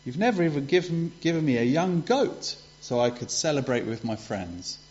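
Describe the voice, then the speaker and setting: A man voicing a resentful, sulky older son who complains slowly and at a raised pitch, on a dull lo-fi recording. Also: expressive, a little mellow, close to an everyday voice. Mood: aggrieved.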